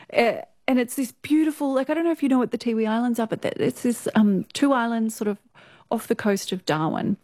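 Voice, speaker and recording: A woman's voice: fairly high pitch, dark tone, dry recording, clean studio sound. A young Australian woman, a news presenter, telling stories casually in an interview, chatty, with many fillers and frequent laughs.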